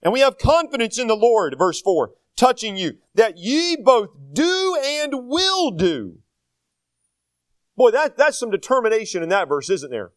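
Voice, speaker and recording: A man's voice: extremely high pitch, very animated, unhurried, no room sound. Older man, pastor, folksy sermon, rhetorical questions, dry close sound. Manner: folksy, self-deprecating preaching with rhetorical questions.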